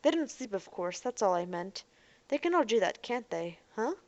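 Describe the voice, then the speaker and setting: A woman voicing a defensive, boastful young man in a robot body who is quick to shout. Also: mid-range voice, sing-song, no room sound, close to an everyday voice.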